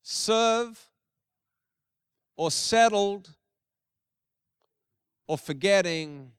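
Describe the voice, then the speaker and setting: A man's voice: high-pitched, very slow, clear, resonant tone, dry recording, studio quality. A middle-aged male pastor giving a conversational sermon with emphatic repetition.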